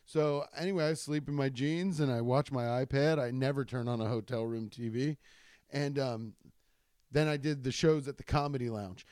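A man's voice: medium pitch, normal speed, a little mellow, dry recording, clean studio sound. Rambling, profane male comedian. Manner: rambling, profane, with frequent restarts and laughs. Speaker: stand-up comedian. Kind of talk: casual storytelling podcast.

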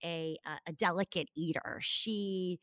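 A woman in her thirties with a bright, forceful voice tells a comic story on a podcast. She talks in a lively, casual way and swears freely. She is recorded close and dry, with no room sound. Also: fairly low pitch, a little slow, no room sound. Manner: animated, profane, comic storytelling. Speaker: podcast co-host.

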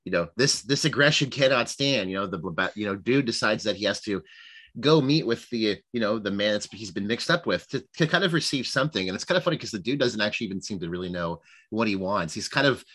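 A man's voice: fairly low pitch, expressive, fast, a bit bright, husky. A man co-hosting a casual film discussion, rambling with many fillers and acting out quoted lines. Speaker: podcast co-host.

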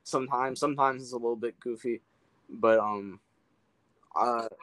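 Animated young man, dry close mic. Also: medium pitch, normal speed, no echo, poor audio. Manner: animated, swears freely, lots of "like". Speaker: podcast co-host. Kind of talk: casual chat.

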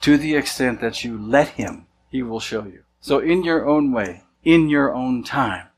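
A man's voice: mid-range voice, a little slow, husky, poor audio. A man, a senior church leader, preaching a sermon in a casual, conversational way, sometimes acting out the voices of people he quotes. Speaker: pastor.

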